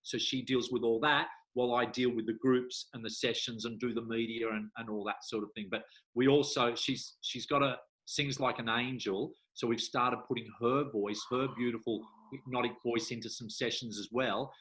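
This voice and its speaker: Middle-aged male hypnotherapist guest, bright tone, animated anecdote teller. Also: normal speed, few pauses. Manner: animated storyteller, acts out voices with big pitch jumps. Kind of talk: conversational interview.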